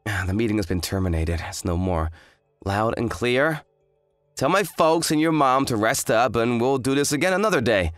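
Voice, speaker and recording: A man's voice: mid-range voice, animated, normal speed, a bit bright, dry recording, soft background music, close to an everyday voice. A man voicing an arrogant, hungover young fiancé who talks in a smug, dismissive drawl. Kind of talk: dramatized story voice acting.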